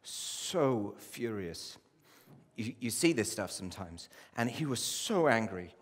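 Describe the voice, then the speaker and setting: A man preaching a sermon as a pastor, with impassioned delivery that rises to loud pleading and drops low. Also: big pitch swings, moderate pace, breathy edge. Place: church. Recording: long hall reverb.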